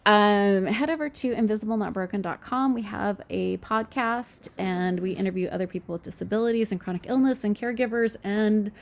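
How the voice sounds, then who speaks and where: Middle-aged woman host, casual snarky storyteller, creaky voice. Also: mid-range voice, brisk, hardly any pauses. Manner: snarky, candid, laughs often. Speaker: podcast host.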